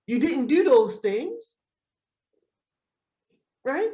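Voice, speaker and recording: A man, a relationship counselor, teaching a group session and repeating key points slowly with frequent "right?" checks. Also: high-pitched, sing-song. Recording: roomy echo.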